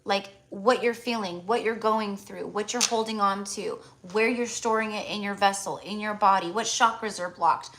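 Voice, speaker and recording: A woman's voice: mid-range voice, moderate pace, few pauses, a bit bright, a little hiss or hum. A woman hosting a live tarot reading stream, talking to her viewers in a chatty, affectionate way with lots of "like" fillers. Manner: chatty, heavy use of "like" fillers; affectionate, addresses viewers as "my love".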